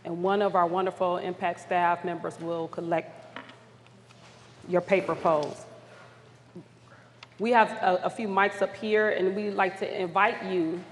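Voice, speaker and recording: In a large conference hall with long reverb and slight background noise, a woman with a lowish, steady voice takes a measured pace with long pauses. She's facilitating polling questions at a community summit, staying upbeat and encouraging but apologetic when flustered.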